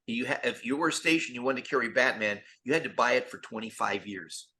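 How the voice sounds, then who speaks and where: Older man guest, bright forceful voice, animated storyteller who stumbles over repeated words. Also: mid-range voice, fast. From United States. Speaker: guest actor. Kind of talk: storytelling interview.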